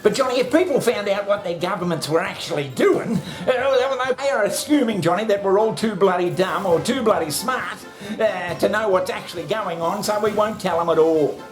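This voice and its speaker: A man's voice: high voice, expressive, normal speed, music in the background. An Australian man in a casual ranting monologue who swears constantly, fires off rhetorical questions and talks to himself by name. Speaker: vlogger.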